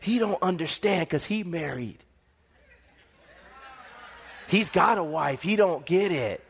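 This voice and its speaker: A man voicing the devil as a sly tempter, speaking low, hushed and coaxing, with a long hall reverb. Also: big pitch swings, measured pace, slightly rough, exaggerated voice.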